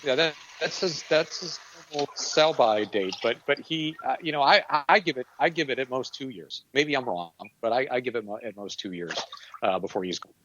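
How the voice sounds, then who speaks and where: A man's voice: mid-range voice, animated, fairly quick, fairly bright tone, a little hiss or hum. A man co-hosting a casual sports podcast, sharing skeptical, opinionated views while thinking aloud. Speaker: podcast co-host. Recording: dull, dry home recording.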